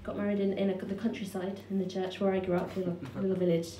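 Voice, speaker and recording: A woman's voice: medium pitch, flat delivery, dark tone. Dry woman doing stand-up. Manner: dry, self-deprecating delivery with quick restarts. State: heavily pregnant. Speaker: stand-up comedian. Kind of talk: stand-up comedy set. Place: small comedy club stage. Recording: echoey club room from far off, noisy.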